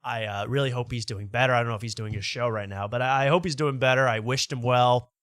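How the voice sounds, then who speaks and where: Rambling late-night host, bright voice. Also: male voice, medium pitch, quick pace, no room sound, studio quality. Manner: rambling, self-interrupting, stammers on repeated words. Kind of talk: casual late-night monologue.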